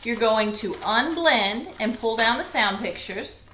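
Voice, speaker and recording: Slow, patient woman teaching phonics. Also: fairly high pitch, animated, pushed and bright. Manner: slow, patient, step-by-step instruction. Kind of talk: phonics lesson. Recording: echoey classroom, faint ambience.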